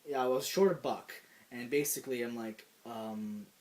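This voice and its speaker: A young man co-hosting a casual chat, telling stories in a profane, animated way, full of "like". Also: medium pitch, moderate pace. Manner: profane, animated storytelling with frequent "like". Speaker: podcast co-host.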